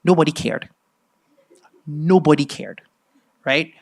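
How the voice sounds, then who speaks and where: A middle-aged man from Nigeria with a Nigerian accent, giving a masterclass lecture as animated storytelling and often checking in with "right?". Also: on the high side, slow, gravelly. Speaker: speaker at a masterclass.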